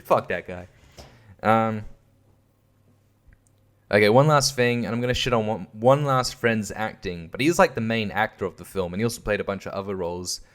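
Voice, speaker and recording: A man's voice: on the low side, normal speed, long pauses. A young man hosting a casual monologue, rambling and swearing, often laughing at himself. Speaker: host.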